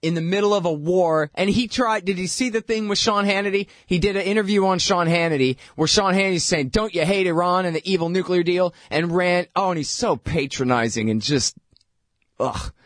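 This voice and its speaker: A male talk host in a sarcastic political monologue, lively and exasperated. His voice sits a little high. The sound is dry and close, with no room echo. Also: a little fast. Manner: sarcastic, mocking impressions of others; animated, rising pitch when exasperated. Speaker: radio host.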